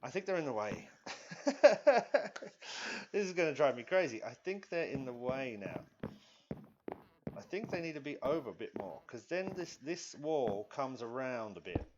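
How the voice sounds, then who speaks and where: A man's voice: mid-range voice, expressive, moderate pace. A man streaming live, chatting casually and rambling to himself as he builds in a video game, often apologizing. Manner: rambling, self-talking, apologetic. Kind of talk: live gameplay commentary. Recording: dull lo-fi stream audio with loud noise.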